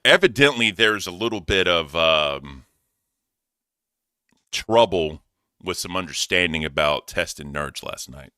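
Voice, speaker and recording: Bright-voiced, profane male stream host. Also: low voice, animated, unhurried, pauses often, clean tone, no room sound, studio quality. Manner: loud, profane, hyped shout-outs. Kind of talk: casual livestream chat, reading donations.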